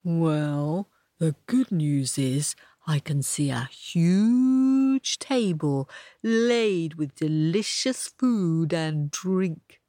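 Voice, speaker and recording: A woman's voice: deep voice, no echo, studio quality. A woman voicing a hungry, good-natured male donkey who leads the animals in a storybook tale. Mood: hushed. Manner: hushed, drawn-out when whispering.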